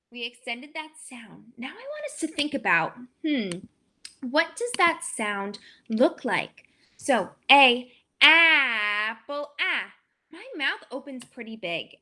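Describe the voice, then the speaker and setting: A young adult woman explains a classroom phonics lesson in a bright, fairly high voice. She slows right down to sound out letters and words, pausing on each sound the way she would for young students. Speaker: teacher. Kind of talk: demo lesson walkthrough.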